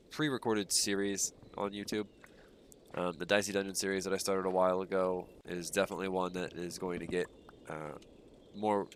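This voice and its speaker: Deep-voiced man, stuffy, casual streamer. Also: slight background noise. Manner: relaxed, rambling, frequent ums and uhs. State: stuffy nose. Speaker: gaming streamer. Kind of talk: casual livestream commentary while playing.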